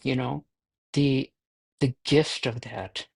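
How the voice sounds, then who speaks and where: Gravelly-voiced nun giving a casual dharma talk. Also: female voice, rumbling low, fairly even intonation, slow pace, darkish tone. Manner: conversational, self-deprecating, many fillers. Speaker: Buddhist nun teaching. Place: livestreamed talk.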